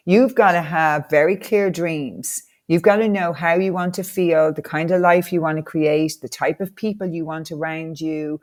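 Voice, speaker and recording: Woman, deep-toned, podcast guest, life coach, enthusiastic, motivational. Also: fairly even intonation, moderate pace, hardly any pauses, darkish tone. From Ireland. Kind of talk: conversational podcast interview.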